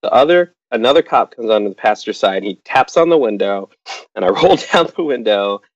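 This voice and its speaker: A man's voice: fairly low pitch, fairly quick, dry recording. A middle-aged man telling a personal anecdote to an audience, acting out the voices of the people in it. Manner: lively, acts out other people's lines. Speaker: storyteller. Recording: dull lo-fi recording.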